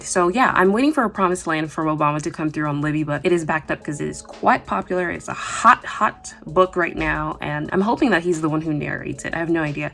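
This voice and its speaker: A woman's voice: fairly low pitch, a bit bright. A woman vlogging in a casual, bubbly way from her apartment, chatting with many fillers. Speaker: booktuber. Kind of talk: casual chat.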